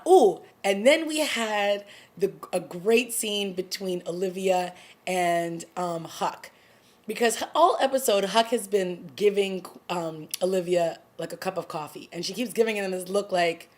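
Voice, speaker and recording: A woman hosting her own TV review vlog, talking casually through an episode's plot and acting out the characters' lines in quick asides. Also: mid-range voice. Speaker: TV review vlogger. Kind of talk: casual recap chat.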